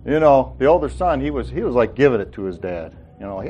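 A man's voice: mid-range voice, lively intonation, fast talker, mellow, lo-fi sound, slight background noise. Folksy man teaching a Bible passage. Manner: folksy, joking, acts out quotes. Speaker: Bible study leader.

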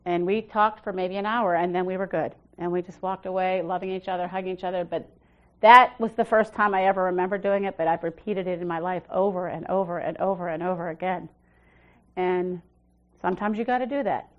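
A woman pastor, middle-aged, preaching in a loose, conversational way. She leans hard into her main points and then sinks to a quiet, low voice for personal asides. Her sentences often restart midway as she works out what to say. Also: fairly even intonation, fast, muffled recording. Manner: swings from emphatic to soft and low. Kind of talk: sermon.

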